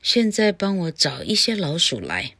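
Woman reading as a gentle fairy godmother. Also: on the low side, very animated, no echo, heavily acted. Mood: kindly. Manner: slow, clear storybook reading.

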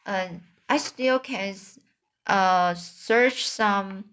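A woman reading a storybook aloud, careful and halting, with slips and restarts. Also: mid-range voice, fairly bright tone. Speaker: reader. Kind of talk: audiobook reading practice.

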